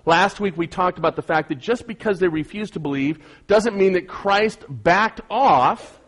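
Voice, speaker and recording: A man's voice: high voice, normal speed, a bit bright. A middle-aged man preaching a sermon as pastor, earnest and emphatic, often repeating phrases for weight.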